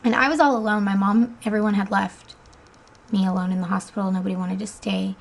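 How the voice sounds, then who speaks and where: Young mom, 20s, relaxed casual storytelling, gravelly edge, mid pitch. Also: female voice, a little fast, low-quality recording. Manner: chatty, many ums, laughs often. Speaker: mother telling a birth story.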